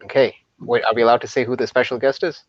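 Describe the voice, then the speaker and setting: A man's voice: mid-range voice, level tone, quick pace, dry recording. A man co-hosting a casual live-stream chat, nasal and congested from allergies, joking about it. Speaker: co-host. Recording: dull, dry sound.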